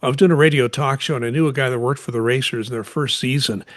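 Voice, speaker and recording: Male former radio host, mid pitch, dry close sound, casual chat full of stories. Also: fast talker, no room sound.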